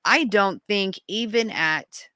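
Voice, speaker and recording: Bright-voiced woman telling a story. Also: slow, no room sound. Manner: animated storytelling, rising to high exclaims. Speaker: podcast guest. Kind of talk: casual conversation.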